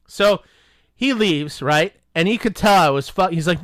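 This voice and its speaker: A male podcast co-host with a high voice takes his time telling friends a profane workplace story, animated as he acts out the back-and-forth. The recording is dry and the studio sound clean.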